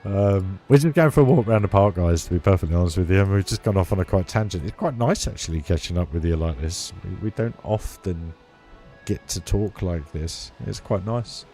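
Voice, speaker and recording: A man's voice: deep voice, brisk, warm tone. A man chatting casually on a live stream, laughing often and answering chat. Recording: faint music behind.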